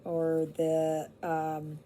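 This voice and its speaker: A woman's voice: deep voice, monotone, drawn-out words, warm tone. A woman from Canada chatting casually to her viewers at home, rambling and laughing easily. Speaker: cross-stitch vlogger.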